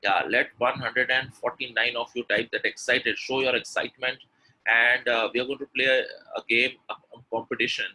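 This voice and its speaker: Heard through a rough recording, an Indian-accented man with a mid-range voice and moderate pace hosts a live pronunciation webinar. The spoken English trainer is energetic, drilling sounds aloud, repeating words, and pressing viewers to answer in the chat.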